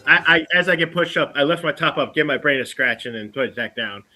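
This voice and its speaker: A man's voice: a little high, animated, quick pace, bright, forceful tone. A man playing in a casual tabletop role-play game, jokey and rambling. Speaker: player.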